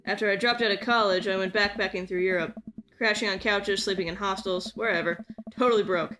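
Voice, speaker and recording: A woman's voice: medium pitch, fairly even intonation, bright, forceful tone, slight background noise. A woman playing a video game and reading it aloud in casual chat, laughing often and swearing freely. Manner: giggly, swears casually, quick banter. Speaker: let's play host reading the game aloud. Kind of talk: casual let's play chat with read-aloud dialogue. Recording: faint music underneath.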